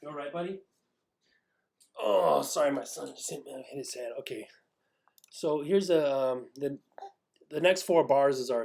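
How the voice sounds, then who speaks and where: A man's voice: fairly high pitch, normal speed, gravelly, long pauses, darkish tone. A man casually breaking down a song's lyrics, talking with many fillers and restarts and some swearing. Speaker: music lyric tutor. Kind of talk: casual screen-share lesson. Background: a baby heard at times.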